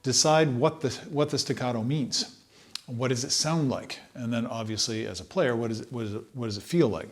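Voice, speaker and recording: A man teaching trumpet, talking in a relaxed, thoughtful way and sometimes singing short phrases to demonstrate. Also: mid-range voice, a little fast. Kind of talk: instructional talk.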